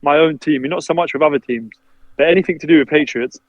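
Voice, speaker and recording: Casual male podcast guest, quick chatty talk, dull dry call audio. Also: fairly high pitch, no room sound. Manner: chatty, laughing, acts out family quotes. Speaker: podcast guest, basketball player. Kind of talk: casual interview chat.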